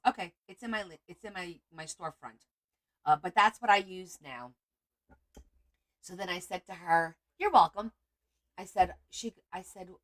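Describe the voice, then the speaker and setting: A middle-aged woman hosting a casual livestream, chatting in a rambling way and greeting viewers by name. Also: lowish voice. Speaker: livestream host.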